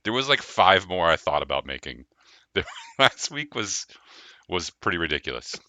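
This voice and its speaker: A man hosting a live tabletop game stream as game master, talking casually with quick laughs and rambling restarts. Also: sits low, very animated, sharp tone, dry recording.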